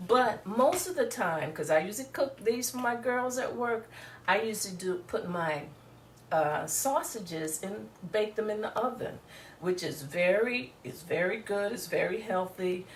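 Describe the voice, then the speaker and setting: A woman's voice: mid-range voice, animated, a little slow, slight background noise. A woman giving a casual, chatty cooking demonstration and talking straight to viewers in a rambling way. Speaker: home cook. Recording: echoey room, voice from a distance.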